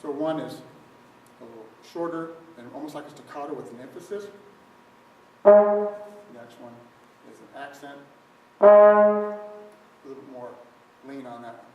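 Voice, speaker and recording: A man's voice: medium pitch, moderate pace, long pauses, darkish tone, faint music behind. Methodical male trombone teacher, echoey room. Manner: methodical, explains step by step. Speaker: trombone instructor. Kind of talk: music lesson demonstration. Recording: very echoey room, mic at a distance. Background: trombone playing.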